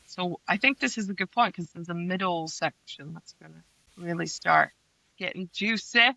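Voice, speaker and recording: Woman co-host, bright, close dry sound, asks questions, playful. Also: lowish voice, normal speed, creaky, no room sound, rough recording. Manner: leads discussion with questions, playfully dramatic. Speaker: podcast co-host. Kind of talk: casual book-club chat.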